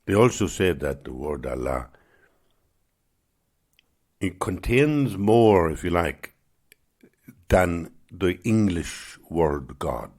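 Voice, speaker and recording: Male podcast host, reflective spiritual talk, very low husky voice, gravelly edge. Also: sing-song. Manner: gentle, musing, unhurried.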